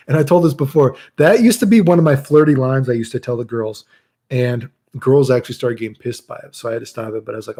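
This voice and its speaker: Talking fast in a slightly high, expressive and warm voice, a channel host who is chronically ill rambles through profane stories in a casual monologue. He acts out quotes from the people involved.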